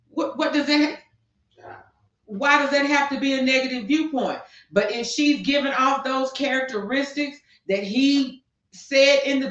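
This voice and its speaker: A woman co-hosting a talk show rants passionately, firing rhetorical questions in heated opinion talk. Her podcast voice sits high and has a fairly bright tone. The sound is lo-fi, dull, echoey, and distant.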